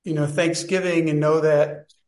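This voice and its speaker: A man's voice: on the high side, level tone, moderate pace, a little mellow, roomy sound. A man in a study group, casually telling a personal story and rambling as he searches for words.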